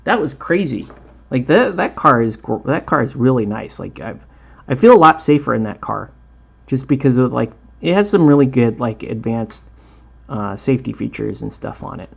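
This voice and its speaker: A man's voice: mid-range voice, lively intonation, moderate pace, gravelly, slightly rough, highs cut off. A man hosting a miniature painting tutorial, chatting in a rambling way and laughing often. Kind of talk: casual chat while painting a tutorial.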